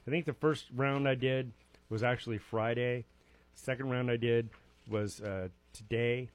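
A man's voice: medium pitch, steady tone, unhurried. A man in his forties hosting a live radio show, rambling casually through a list of daily observances with self-mocking jokes. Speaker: radio host. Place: radio studio.

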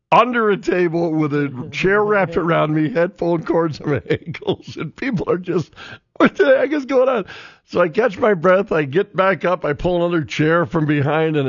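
A man's voice: fairly high pitch, no room sound. A man hosting a sports radio show, telling stories animatedly and laughing often. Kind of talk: casual sports radio chat. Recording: dull, dry studio sound.

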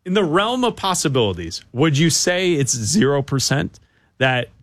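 Male sports talk co-host, dry sarcasm, animated delivery, close dry studio sound. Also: fairly high pitch, normal speed, no echo.

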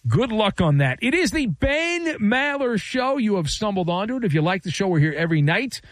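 A man's voice: sits high, very animated, fairly quick, no room sound. A man hosting a sports talk radio show, wisecracking and sarcastic.

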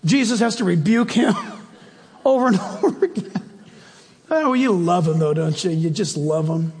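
A man's voice: high voice, normal speed, darkish tone, long reverb tail. A male preacher giving an emphatic, conversational sermon and asking the congregation direct questions.

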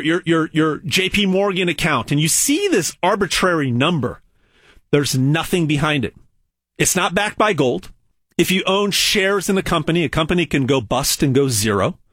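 A man with a husky edge to his voice drives a hard sales pitch, repeating words to hammer each point. His pitch swoops up and down as he mocks and warns. The sound is dry and close, with no room around it. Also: no room sound. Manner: animated and repetitive, stacking phrases for emphasis; blunt and mocking. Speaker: gold investment salesman. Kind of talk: emphatic sales pitch monologue.

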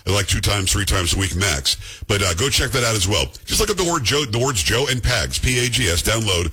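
A middle-aged man hosting a talk radio show, chatting casually and joking in quick asides from the studio. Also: on the low side, lively intonation, pushed and bright, slightly rough.

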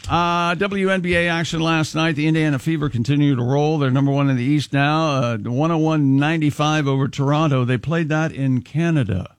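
A man's voice: fairly high pitch, brisk, few pauses, clear, resonant tone, no echo, studio quality. A man reading sports scores and odd news on a talk show, joking and laughing between items. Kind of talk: casual radio chat reading news items.

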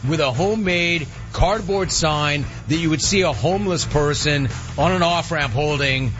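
A middle-aged man hosting a sports radio show, answering listener questions in a casual, animated way and acting out dialogue. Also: a little high, normal speed, lo-fi sound, music in the background. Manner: animated storyteller, acts out dialogue.

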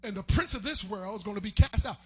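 A man delivering a sermon, chanting his lines and swelling into shouts. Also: high-pitched, fast talker, slightly rough, soft background music. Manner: chanting, sing-song preaching that swells into shouts. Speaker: preacher.

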